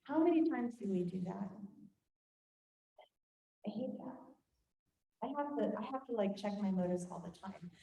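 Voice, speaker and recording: An older woman teaching a group, telling a family story in an animated way and acting out voices. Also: medium pitch, normal speed, creaky, long pauses. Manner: animated, acts out quoted voices. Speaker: Bible study teacher. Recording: echoey room, faint noise.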